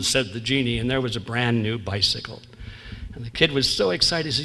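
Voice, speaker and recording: A man's voice: medium pitch, a little fast, sharp tone. A man giving a humorous lecture, wry, chuckling at his own jokes and drawing out his punchlines. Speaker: conference speaker. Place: large historic theatre. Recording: long reverb in theatre hall.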